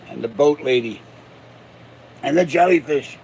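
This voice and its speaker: An older man from Pittsburgh, USA, hosts a channel and rambles through jokes and tall tales in a loose monologue, chuckling along the way. His voice is a little high, creaky, and darkish, with slight background noise behind it.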